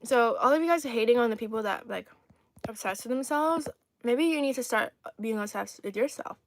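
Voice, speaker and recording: Young woman, China-born live-stream host, raised pitch, cheeky and playful, chatting over her meal on a phone mic. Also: lively intonation, moderate pace, dry recording. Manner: sassy, playful, teasing, laughs often. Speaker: livestream host. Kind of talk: casual live-stream chat while eating.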